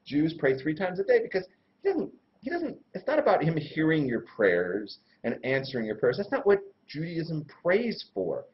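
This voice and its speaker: A man explaining religious ideas in a loose, slangy, irreverent way, his voice leaping up and down as he talks. It sits a bit high for a man. The recording is dull and lo-fi. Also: wildly swooping pitch, normal speed, a little hiss or hum. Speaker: Torah teacher and host. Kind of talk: casual religious lesson.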